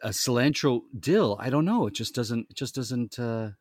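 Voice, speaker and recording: Playful man with quick comebacks. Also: medium pitch, lively intonation, darkish tone, no echo, clean studio sound. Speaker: podcast co-host. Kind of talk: casual chat.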